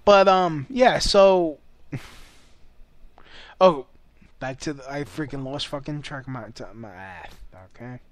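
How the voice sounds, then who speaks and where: A man's voice: a little high, slow pace, long pauses, dry recording. Rambling, profane young man vlogger. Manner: rambling, profane, laughing often. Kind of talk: casual ranting commentary.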